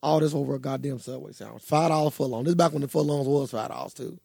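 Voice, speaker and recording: Young man, podcast co-host, quick gravelly voice, dry close sound, animated storyteller. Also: mid-range voice, no echo. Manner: storytelling, animated, swears freely. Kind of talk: casual chat.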